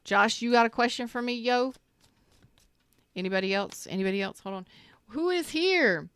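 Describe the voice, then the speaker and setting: A woman's voice: mid-range voice, fairly even intonation, a little fast, a bit bright, clear, resonant tone, dry recording. A woman doing a live tarot reading on a stream, chatty and slangy, greeting viewers by name and repeating herself. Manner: swears casually, slangy.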